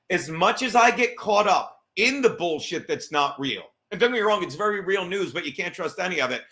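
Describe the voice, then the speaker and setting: A middle-aged man hosts a comedy podcast in a rambling, profane monologue. His voice sits high and bright, and he keeps cutting himself off to restart mid-thought.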